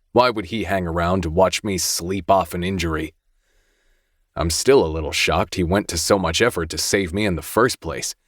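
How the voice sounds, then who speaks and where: A man with a very deep, low voice reads a first-person audiobook in a measured, introspective way. The sound is dry and close, with no room around it. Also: no room sound. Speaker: audiobook narrator.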